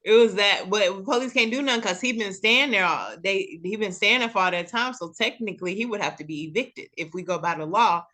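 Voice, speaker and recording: A woman hosting a casual recap chat, telling the story with lively acted-out quotes. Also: mid-range voice, a little fast, hardly any pauses. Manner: animated storytelling, acts out characters' lines. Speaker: show recap host.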